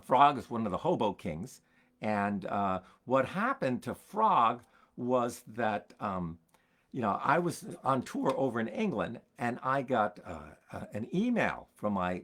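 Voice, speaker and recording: An older man, a folksinger hosting his own stream, telling stories in a halting way, repeating words and chuckling as he goes. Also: medium pitch, sing-song, a bit bright. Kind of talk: rambling storytelling to an online audience.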